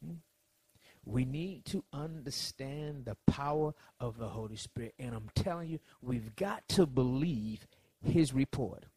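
A man preaching a sermon, swinging between soft lines and loud ones as he acts out quotes. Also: mid-range voice, unhurried, husky, no room sound.

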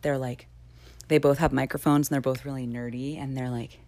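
A woman's voice: extremely low pitch, flat delivery, fairly quick, darkish tone. A young woman hosting a podcast in casual chat, talkative and prone to tangents, laughing often. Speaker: podcast host.

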